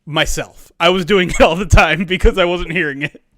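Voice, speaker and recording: A man's voice: sits high, normal speed, fairly bright tone, dry recording. A man hosting a casual sports podcast, laughing often as he talks. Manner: laughs often while talking. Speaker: podcast host.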